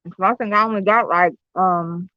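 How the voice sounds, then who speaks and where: A woman's voice: mid-range voice, fairly even intonation, normal speed, no echo. A woman, hosting a casual livestream at home, telling stories loosely with lots of fillers and cursing. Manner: loose, profane, storytelling with many fillers. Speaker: livestream host chatting with viewers. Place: at home, indoors. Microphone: streaming software on computer or phone. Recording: slightly dull lo-fi stream audio.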